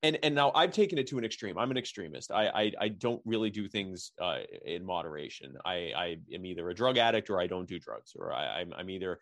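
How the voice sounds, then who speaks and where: A man's voice: deep voice, big pitch swings, fast talker, few pauses, a bit bright, dry recording, clean studio sound. A man talking in a casual podcast conversation, rambling with lots of fillers and restarts. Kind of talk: casual chat.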